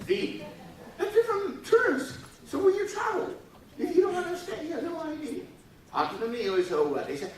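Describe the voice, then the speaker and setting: A man's voice: very high-pitched, normal speed, a little hiss or hum. A man giving a humorous lecture to students, acting out little dialogues and coaxing the audience to laugh and repeat after him. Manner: animated, acts out dialogues in funny voices. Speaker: forum speaker. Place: university lecture hall. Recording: echoey hall, voice from far off.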